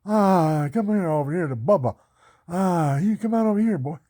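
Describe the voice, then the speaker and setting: A man's voice: sits high, expressive, moderate pace, warm tone, pitched above the performer's own voice. A man voicing a menacing male prison inmate who coaxes someone over with drawling taunts. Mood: taunting.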